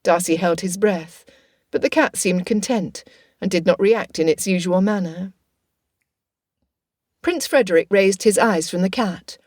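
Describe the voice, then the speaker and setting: A woman narrating an audiobook in a steady, even reading. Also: fairly low pitch, a little slow, pauses often, no echo, studio quality.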